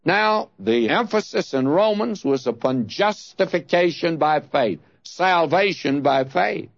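A man preaching an expository sermon, slow and emphatic, leaning hard on key words. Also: a little high, expressive, vocal fry, no echo, lo-fi sound.

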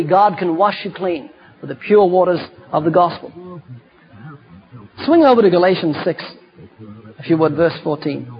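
A man preaching a fervent sermon, building to shouted emphasis on key points. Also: high voice, highs cut off.

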